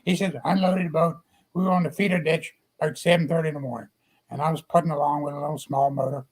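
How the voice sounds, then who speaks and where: A man's voice: fairly high pitch, steady tone, fast, breathy edge, rough recording. An older man telling a story in a homespun, folksy way and dropping in advice along the way. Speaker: guest storyteller.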